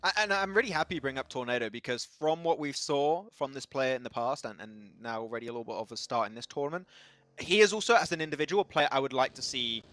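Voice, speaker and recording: A man casting a live esports match in a chatty, excitable way, laughing often. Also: mid-range voice, fast, no room sound. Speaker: esports caster.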